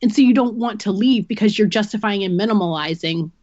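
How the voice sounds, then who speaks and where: A woman's voice: medium pitch, brisk, a little mellow, no echo, lo-fi sound. A woman guest on a podcast, giving a candid personal account and explaining things earnestly through long analogies.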